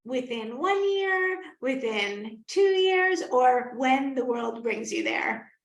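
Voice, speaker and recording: A woman hosting a podcast interview, effusive and quick to exclaim, asking warm follow-up questions. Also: high-pitched, expressive. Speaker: podcast host and clinician. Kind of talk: casual interview chat. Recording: roomy echo.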